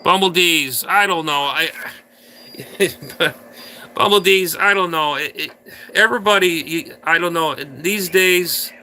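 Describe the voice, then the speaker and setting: A man's voice: a little high, unhurried, pushed and bright, a little hiss or hum. A man hosting a casual livestream, rambling and ranting crudely at viewers in chat. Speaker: livestream host.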